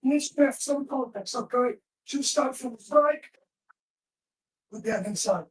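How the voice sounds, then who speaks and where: High-voiced woman coaching from a distance. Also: measured pace, slight background noise. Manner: short instructional commands while demonstrating moves. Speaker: self-defense instructor. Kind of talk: live demonstration class. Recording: roomy echo from far off.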